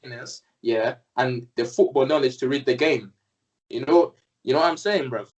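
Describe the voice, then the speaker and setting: A man's voice: medium pitch, moderate pace, darkish tone, recorded from a distance, muffled recording. A young man, co-hosting a casual football chat and ranting heatedly in slang. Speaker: co-host.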